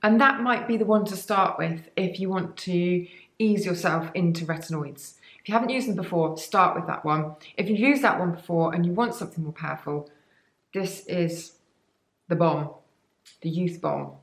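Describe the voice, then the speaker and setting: Low-ish woman, beauty vlogger, chatty and cheeky, echoey room. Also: normal speed. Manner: chatty and enthusiastic, with rambling cheeky asides. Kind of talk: sponsored product chat to camera.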